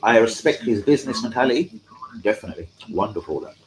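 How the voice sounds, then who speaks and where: A man's voice: fairly low pitch, lively intonation, fast, a crowd in the background, poor audio. A man hosts a live-stream football chat, talking in a casual, rambling way with slang and heavy swearing. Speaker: fan channel host.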